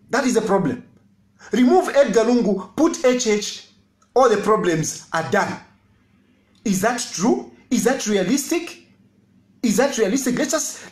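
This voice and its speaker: A man's voice: high-pitched, echoey room. A Zambian man, an opposition party leader giving a political address, emphatic and repeating his phrases with rhetorical questions.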